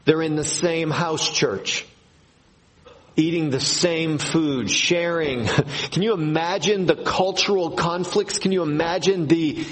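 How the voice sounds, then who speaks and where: A man preaching a sermon to his congregation, slow and emphatic, repeating key phrases. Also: fairly high pitch, low-quality recording. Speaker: pastor.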